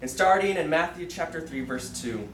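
A young man preaches to a small class and tells a story in an earnest, halting way, full of pauses and fillers. His voice sits a little high. The mic is far away, so the room echoes around him. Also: animated, a little hiss or hum. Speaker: student preacher. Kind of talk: sermon with a personal story. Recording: roomy echo from far off.

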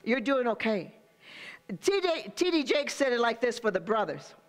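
A woman's voice: on the high side, big pitch swings, moderate pace, long reverb tail. An older woman pastor preaching a sermon, speaking straight to the congregation with call-and-response asides.

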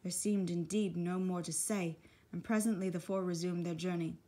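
Woman storybook narrator, husky tone, steady measured read. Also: lowish voice. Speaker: audiobook reader.

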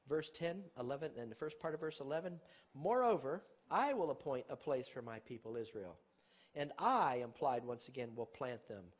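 A man preaching a sermon as pastor, reading scripture aloud with sudden loud emphasis and putting questions to his listeners. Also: mid-range voice.

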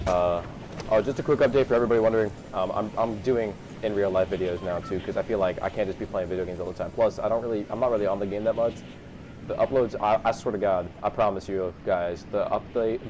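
A young man giving slangy, excitable gameplay commentary, trash-talking opponents as he plays. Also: fairly low pitch. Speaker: gaming YouTuber. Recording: noisy game audio behind. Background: game sounds.

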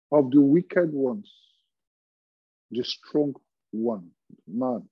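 A man preaching a sermon as pastor, fervent, with repeated phrases and emphatic pauses. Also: medium pitch, husky, no echo, dull audio.

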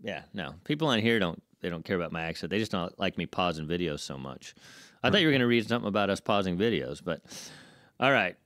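A man's voice: deep voice, animated, fast, fairly bright tone, dry recording, studio quality. A man from Southern California co-hosting a casual reaction show, playful and teasing as he reads comments. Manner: playful, teasing, laughs often. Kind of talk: casual chat, reading comments aloud.

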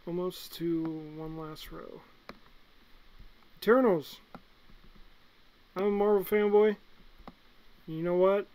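A young man with a slightly high voice ranks movies in an easygoing vlog. He talks bluntly and excitably, jumping from loud bursts to low mutters. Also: slow pace, long pauses, rough recording. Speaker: movie reviewer. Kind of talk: casual movie ranking vlog.

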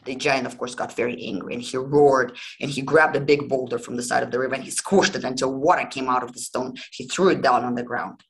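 A woman's voice: extremely low pitch, steady tone, fast, few pauses, low-quality recording. A woman hosting a history podcast, retelling fairy tales in a chatty, informal way with many asides. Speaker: podcast host. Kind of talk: casual storytelling.

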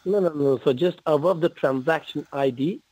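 A man's voice: a little high, moderate pace, warm tone, low-quality recording. A man on a scripted support call, polite and repetitive, addressing the listener as sir. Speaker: phone scammer.

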